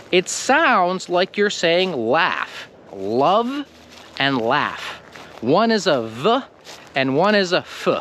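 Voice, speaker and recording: Brief: American male English teacher, higher voice, very lively pitch, slow deliberate pace, faint background noise. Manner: slow, emphatic, lively delivery with stressed word endings. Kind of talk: scripted lesson to camera.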